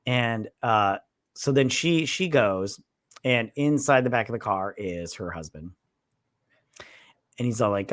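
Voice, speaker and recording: A man's voice: lowish voice, animated, measured pace, long pauses, a bit bright, dry recording, studio quality. A man co-hosting a casual movie review, retelling scenes and mimicking characters' lines. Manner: retells scenes, quoting characters in mock voices. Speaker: podcast co-host.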